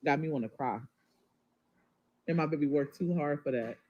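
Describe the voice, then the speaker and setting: A woman's voice: low-pitched, moderate pace, dark tone, highs cut off. A mother talking to viewers on a livestream, rambling and emotional, often turning to the audience with y'all. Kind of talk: casual livestream talk to viewers.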